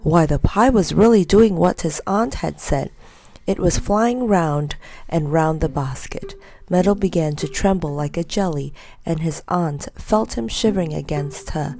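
A woman narrating a children's story in a gentle, measured reading. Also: sits low.

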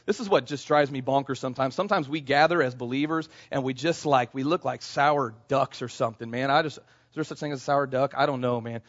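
A male pastor preaching a sermon in a church, animated and calling out to the congregation. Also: medium pitch, fast, dull audio. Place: church sanctuary.

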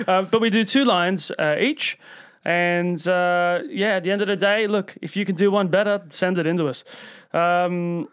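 A man's voice: sits high, unhurried, a bit bright, smooth. A man co-hosting a podcast in casual, jokey chat, laughing often and trailing off mid-sentence. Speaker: podcast co-host.

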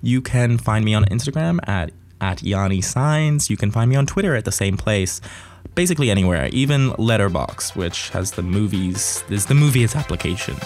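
A man's voice: lowish voice, lively intonation, moderate pace, darkish tone, soft background music. A young man hosting a casual solo podcast, rambling, swearing freely and joking at his own expense. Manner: rambling, profane, jokey. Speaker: podcast host.

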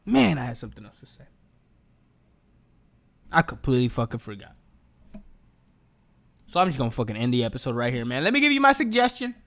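A man's voice: mid-range voice, fairly quick, creaky, pauses often. A young man hosting a podcast, talking in a casual, joking monologue full of slang and swearing. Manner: animated, joking, slangy and profane. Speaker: podcast host.

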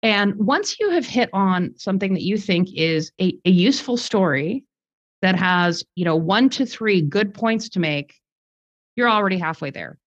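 A Germany-resident woman guesting on a podcast speaks at a moderate pace in an expressive, mid-range voice, thoughtfully laying out ideas with fillers and false starts. The recording is dry, dull lo-fi, free of echo.

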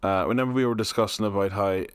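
A man's voice: fairly low pitch, steady tone, smooth, no echo. A young man with a Liverpool accent, co-hosting a podcast and bantering casually with his co-host. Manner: joking, quick, banter-heavy. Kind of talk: casual chat.

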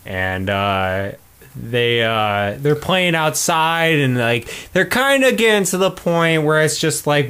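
A man with a slightly higher voice talks through a movie's plot in a loose, joking way. He swears freely, laughs often, and slips into quick voices to act out what the characters say. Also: smooth. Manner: swearing, laughing, animated retelling with quoted lines. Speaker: podcast co-host. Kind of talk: casual movie recap chat.

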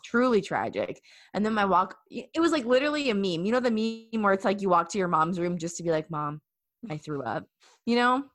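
A young woman in her twenties telling a story in casual chat, animated and full of fillers. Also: medium pitch, brisk.

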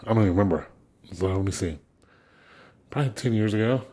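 A man's voice: fairly low pitch, quick pace, breathy edge. A man, a guest musician, telling anecdotes in a casual chat, laughing often and repeating words as he goes. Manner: animated storyteller, laughs a lot, repeats words.

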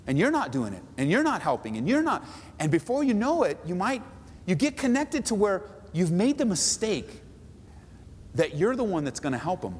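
Animated preaching man in an echoey hall. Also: high-pitched, normal speed. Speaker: pastor. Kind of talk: sermon. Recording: echoey hall, faint noise.

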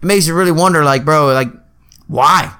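A young man chatting casually as a podcast co-host, telling profane, animated stories and acting out the people he quotes. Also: fairly high pitch, normal speed, clear, resonant tone. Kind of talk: casual chat.

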